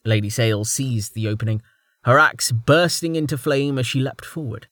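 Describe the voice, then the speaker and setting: A man narrating a fantasy audiobook in an expressive reading style. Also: mid-range voice, moderate pace, no echo, studio quality.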